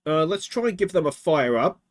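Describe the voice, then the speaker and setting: A man's voice: fairly high pitch, lively intonation, fairly quick. Australian man commentating a football game. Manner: chatty, asks himself rhetorical questions. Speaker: let's play host.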